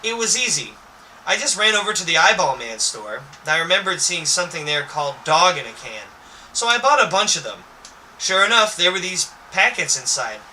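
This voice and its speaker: A man's voice: on the high side, very animated, moderate pace, pushed and bright, heavily acted. A man voicing a smug, know-it-all boy friend who talks in a cocky, teasing way. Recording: distant mic with faint noise.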